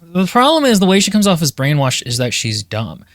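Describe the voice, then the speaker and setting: A man's voice: a little high, wildly swooping pitch, a little fast, no room sound, clean studio sound. A man co-hosting a book review podcast, giving blunt, opinionated critique in casual chat.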